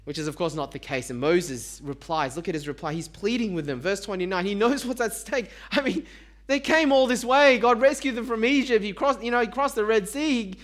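A man's voice: high-pitched, a little fast, a bit bright. A man preaching a sermon in a conversational way, asking the congregation rhetorical questions and joking about himself. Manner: self-deprecating humor.

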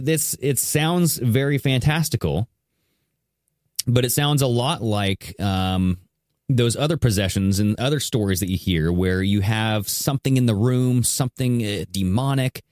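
A man hosts a podcast and breaks down a clip for his audience. He explains in a steady way and often checks in with "right?" His voice is recorded dry and close. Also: medium pitch, dry recording. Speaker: podcast host. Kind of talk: commentary on a played clip.

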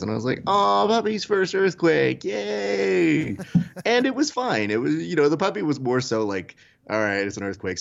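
Animated lower-voiced man telling stories. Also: lo-fi sound. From California. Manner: animated, jumps high for quoted exclamations. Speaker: podcast co-host. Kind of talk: casual storytelling chat.

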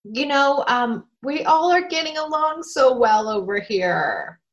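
A woman co-hosting a parenting podcast, explaining ideas in a calm, advice-giving way. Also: high voice, measured pace, dull audio. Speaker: podcast co-host. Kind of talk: casual parenting podcast talk.

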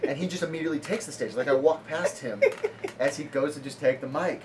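Rambling through a casual story, this male comedian guest laughs a lot and leans heavily on "like." He talks fast in a fairly high voice, and background noise can be heard.

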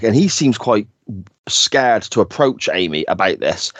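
A podcast co-host with a lowish, animated voice chats casually at a moderate pace, laughing as he recaps an episode's scenes and quotes lines from it. The recording is dry and muffled.

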